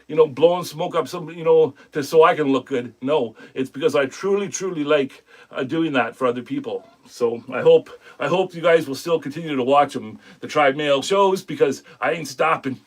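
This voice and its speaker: Male stream host with a high voice, loose and rambling, chatting with viewers between carving projects. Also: moderate pace, hardly any pauses. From Canada. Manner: rambling, friendly, greets chat viewers by name. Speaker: woodcarving live-stream host. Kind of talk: casual live-stream chat.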